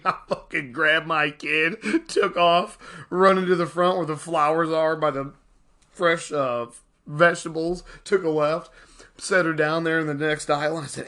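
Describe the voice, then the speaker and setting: A man's voice: on the high side, moderate pace. A man, casually rambling about his life and a self-help book, talking to viewers as y'all. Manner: rambling, animated, addresses viewers as y'all, frequent laughs. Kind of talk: casual personal storytelling and reflection.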